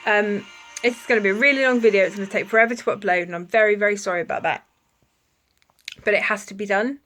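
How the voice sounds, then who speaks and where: A woman's voice: medium pitch, steady tone, fast, fairly bright tone, a little hiss or hum, rough recording. A woman talking to camera in a casual vlog, emphatic and indignant with apologetic asides. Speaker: vlogger.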